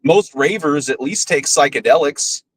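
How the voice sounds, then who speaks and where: A podcast host rants bluntly and profanely, full of scorn, in casual commentary. His voice is fairly high and animated at normal speed, on a rough recording with slight background noise.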